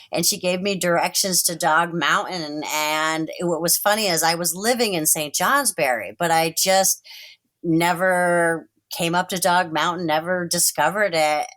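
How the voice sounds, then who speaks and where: Woman, very low pitch, chatty interview, rambling storytelling, light laughs. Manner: warm storytelling with frequent "you know" and light laughs. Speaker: staff member at Dog Mountain. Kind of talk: casual interview conversation.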